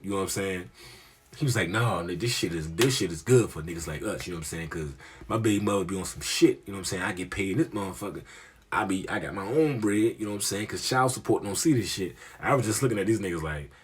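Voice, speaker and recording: A comedian telling a story in a rambling, profane, slang-heavy way. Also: male voice, lowish voice, fast, a crowd in the background. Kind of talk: casual storytelling monologue.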